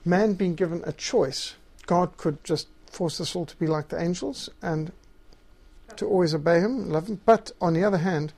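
A man's voice: sits high, normal speed, creaky, darkish tone. A man teaching systematic theology, reading scripture passages aloud and stressing key words. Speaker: Bible teacher.

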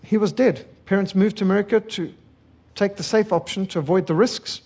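Middle-aged preacher from South Africa, husky voice, emphatic sermon delivery with rhythmic lists. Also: male voice, high-pitched, brisk, darkish tone, lo-fi sound.

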